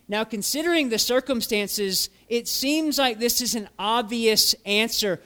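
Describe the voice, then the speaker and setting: A man's voice: sits high, normal speed, fairly bright tone. A man preaching a sermon as a pastor, earnest and full of rhetorical questions.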